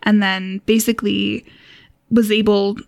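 A woman's voice: mid-range voice, flat delivery, a little slow, gravelly, dry recording, studio quality. A woman co-hosting a podcast, chatting casually with frequent fillers. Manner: chatty, lots of "like" and "um". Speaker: podcast co-host. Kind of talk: casual chat.

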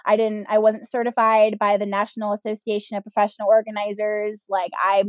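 A woman's voice: medium pitch, little pitch movement, fairly quick, dry recording. A woman in her thirties, a podcast guest, telling her personal story candidly, with lots of "like" and "um". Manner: candid, with frequent "like" and "um" fillers. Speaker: podcast guest, business owner. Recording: dull, slightly lo-fi sound.

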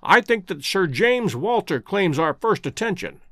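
Brilliant male detective, brisk and eager, read by a man; lively, higher voice. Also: dry recording, clean studio sound, heavily acted. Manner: brisk, reasoning aloud.

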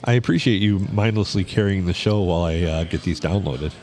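A man's voice: low voice, a little fast, a little mellow. Laid-back male podcast co-host. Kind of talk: casual chat.

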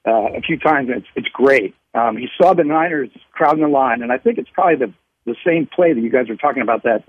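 A man calling into a sports radio show, talking football hesitantly with many pauses and restarts. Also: mid-range voice, breathy edge, no echo. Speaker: caller. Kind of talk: phone-in caller talking football. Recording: tinny phone line.

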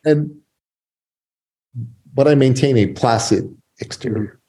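A man telling a story as a guest in a podcast interview, animated and emphatic. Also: medium pitch, measured pace. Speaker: guest, business coach and author.

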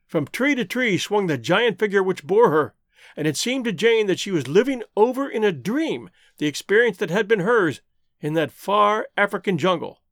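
A male audiobook narrator with a high, animated voice that rises and falls dramatically through the story. The read is close and dry, with no room sound. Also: moderate pace, no room sound.

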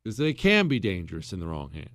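A man's voice: sits low, huge pitch swings, quick pace, fairly bright tone, no room sound, clean studio sound. A man hosting a political talk show, lecturing emphatically and repeating himself for stress. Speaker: podcast host.

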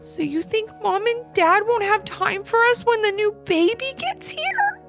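A woman voicing an excited little girl in a storybook, talking in breathless, squealing bursts. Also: very high voice, unhurried, faint music behind, voice pushed up, full character voice. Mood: pleading. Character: excited little girl wanting to be big sister.

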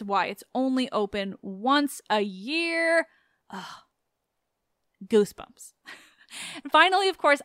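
A woman's voice: on the high side, a bit bright, clean tone, dry recording, studio quality. A woman hosting a podcast in a chatty, sarcastic way, swearing freely as she talks. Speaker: podcast host. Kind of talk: casual podcast narration.

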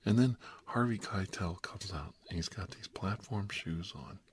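Deep-voiced man telling a rambling comic story. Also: unhurried, slight background noise. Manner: animated and wry, with hushed, whispery asides and many repeated words. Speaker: comedic monologist.

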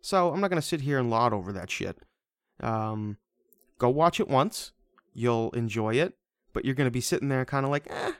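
A man's voice: medium pitch, fairly bright tone, dry recording, studio quality. A man in casual podcast chat reviewing a movie, rambling and stammering with frequent swearing. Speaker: podcast co-host.

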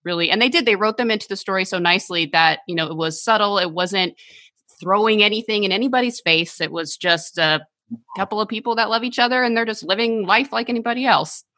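Bright, gushing woman co-host. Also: mid-range voice, fast, dry recording, studio quality. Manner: warm, gushing, laughs easily. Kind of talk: casual chat interview.

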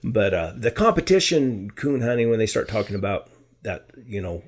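A man talking casually as a podcast guest, halting and repeating words, often trailing off softly. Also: fairly low pitch, big pitch swings, husky.

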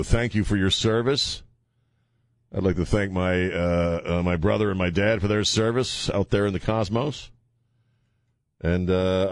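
A man's voice: sits low, dry recording. A man hosting a talk radio show, blunt and mocking, with a rambling delivery full of fillers. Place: radio studio. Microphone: studio microphone.

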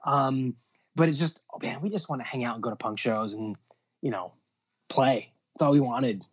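Telling music industry stories as an interview guest, this booking agent speaks at a moderate pace in a medium-pitched voice with a breathy edge. The talk is casual and rambling, packed with fillers and restarts, on dull lo-fi audio.

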